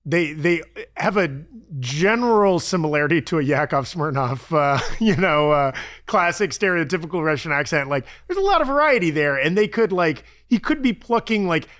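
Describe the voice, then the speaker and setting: A man's voice: on the high side, expressive, moderate pace, few pauses, a bit bright. A man co-hosting a movie rumor show, musing aloud and throwing questions at his partner. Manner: musing, asks lots of questions. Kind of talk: casual podcast chat.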